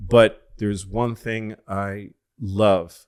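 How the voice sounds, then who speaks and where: A man's voice: fairly low pitch, level tone, drawn-out words, a little mellow, clear, resonant tone. A man doing a pleading remorseful politician. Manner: pleading, emotional. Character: notorious male ex-colonel, tearful public confession.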